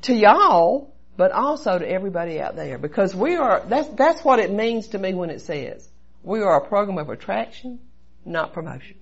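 Woman, earnest testimony speaker, gravelly fry, dull lo-fi recording. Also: medium pitch, big pitch swings, moderate pace. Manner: earnest, storytelling with repetition. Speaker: recovery meeting speaker. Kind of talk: personal testimony share.

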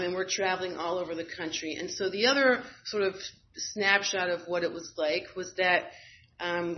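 A woman candidly telling a personal story in a frank, wry way, with fillers and bursts of laughter. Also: medium pitch. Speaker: guest sharing a personal story. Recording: slightly dull audio with faint noise.

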